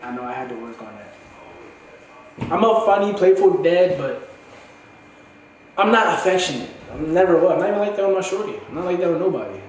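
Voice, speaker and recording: A young man in a candid, profane, slang-heavy monologue for his vlog, his voice going hoarse. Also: fairly high pitch, animated, moderate pace, long pauses. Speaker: vlogger. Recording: echoey room, far from the mic.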